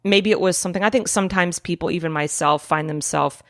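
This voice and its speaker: Animated woman in her forties, storytelling. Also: fairly low pitch, fast talker. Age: 40s. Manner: animated storyteller, lively and laughing, trails off mid-thought. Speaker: guest actor. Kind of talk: casual podcast conversation.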